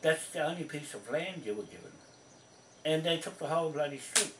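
A New man with a slightly high voice delivers a rambling, accusatory monologue. He repeats and stresses his points insistently. He is recorded from a distance in a roomy, echoey space with faint background noise. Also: animated, brisk, a bit bright. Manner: emphatic, accusing, repeats himself. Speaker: land claimant addressing viewers. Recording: roomy echo from a distant mic.

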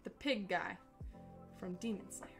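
A woman's voice: medium pitch, measured pace, gravelly, soft background music. A young woman chatting casually with her livestream audience as an artist, bubbly and full of "like" fillers. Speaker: artist streaming to chat.

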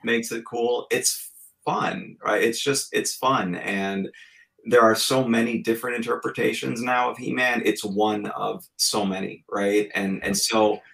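A man's voice: mid-range voice, little pitch movement, measured pace, vocal fry, a bit bright, rough recording. A man in his forties, a podcast guest, telling stories in an earnest, reflective way in casual chat. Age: 40s.

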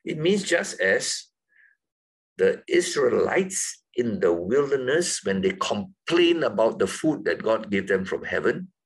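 A man teaching a Bible lesson to a class, emphatic and questioning, jumping up high to stress key words. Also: sing-song, slow pace, husky, low-quality recording.

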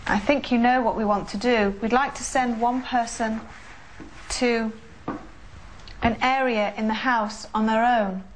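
A woman hosting a live ghost hunt, leading a séance in an excitable manner that often drops to a whisper. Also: a little high, a little slow, slight background noise. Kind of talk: live paranormal investigation.

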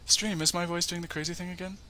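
A playful male streamer chatting through a ghost-hunting game. His voice is bright and a bit high, and it reaches the call choppy and glitchy over a faint background hiss. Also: fairly even intonation, fast talker. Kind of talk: casual gaming chat.

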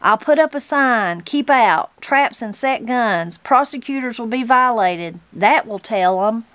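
A woman's voice: on the high side, lively intonation, measured pace, a bit bright, no room sound. A woman voicing a bashful, very old mountain man. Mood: skittish. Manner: folksy, skittish.

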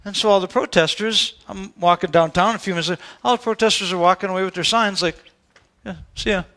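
Male pastor with a high voice, storytelling sermon with a chatty delivery, church setting. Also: quick pace, sharp tone. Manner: conversational storytelling, with asides to the congregation.

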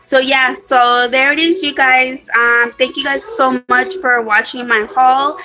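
A woman with a bright, slightly high voice chats on a home live stream about her shopping haul. She keeps apologizing and rambles, stopping and restarting her sentences with plenty of ums. It sounds like a phone or webcam mic at home. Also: steady tone, unhurried, rough recording. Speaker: vlogger. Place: at home, hot room.

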